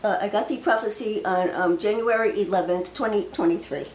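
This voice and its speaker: Ministry host, woman, mid-pitched; slow, measured scripture reading mixed with casual, halting remarks; roomy recording. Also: darkish tone, slight background noise. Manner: slow, deliberate reading broken by chatty, hesitant asides. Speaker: ministry host sharing prophecy. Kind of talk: reading scripture and prophecy aloud with casual asides. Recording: roomy echo.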